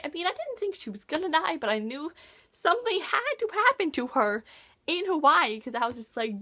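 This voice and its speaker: Gushing teenage girl with a high voice. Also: fairly quick. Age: teens. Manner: gushing, chatty, full of "like" fillers; lively retelling with reactions. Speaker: book reviewer. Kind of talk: casual book review vlog.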